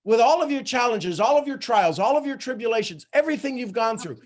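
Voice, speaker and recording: Fifties guy coaching people live, high voice, blunt, gets loud then drops real quiet. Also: animated, fast. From Ireland. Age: 50s. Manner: blunt, emphatic, swings between loud and hushed. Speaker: host and coach.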